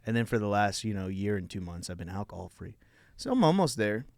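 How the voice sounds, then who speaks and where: A man's voice: lowish voice, very animated, fast, vocal fry, darkish tone, no echo. A young man hosting a comedy podcast, rambling crudely in laid-back casual chat. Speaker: podcast host.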